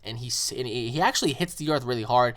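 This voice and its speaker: A man casually retelling an action story, rambling and filling pauses with fillers. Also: medium pitch, fairly bright tone. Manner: rambling, filler-heavy with "you know".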